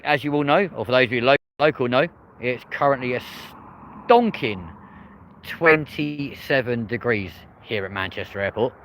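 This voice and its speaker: Streaming live from beside an airport on his phone, a plane spotter keeps up cheerful, talkative commentary, greeting viewers as friends and folks. He speaks at a normal speed in an animated, fairly bright mid-range voice, with slight background noise.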